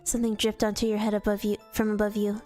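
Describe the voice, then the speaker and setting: Streamer girl reading a fanfic out loud, mid-pitched voice, little slips here and there, soft music under it. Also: completely flat delivery, quick pace. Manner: storytelling read-aloud with casual slips and restarts.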